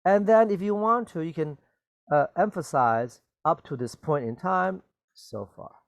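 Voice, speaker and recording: A man's voice: fairly high pitch, dry recording. A man teaching an English grammar lesson, patiently repeating example sentences and checking in with his students. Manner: patient and repetitive, checks in with "okay?" and "right?"; slow, deliberate explanations with stressed key words. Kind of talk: grammar lesson for Chinese-speaking learners.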